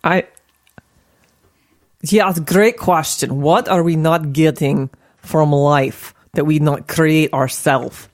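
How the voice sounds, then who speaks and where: Animated, swearing woman podcast host. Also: low-pitched, slow, no echo, clean studio sound. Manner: animated, profane, playful. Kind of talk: casual podcast chat.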